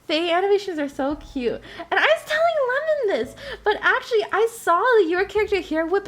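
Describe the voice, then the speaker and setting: A woman's voice: very high-pitched, lively intonation, fast talker, few pauses. A young woman streamer in casual chat, rambling and giggling often as she talks.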